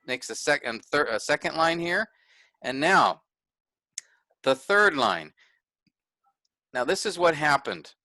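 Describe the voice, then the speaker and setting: A man's voice: a little high, big pitch swings, slow pace, long pauses, pushed and bright, no echo. A man teaching a workshop, explaining marks on a shared screen step by step and correcting himself as he goes. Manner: pointing things out step by step, self-correcting.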